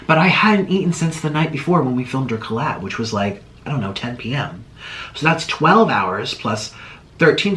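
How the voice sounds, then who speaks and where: A man's voice: on the high side, a bit bright. A man talking through a casual, emotional, rambling apology as an online video creator.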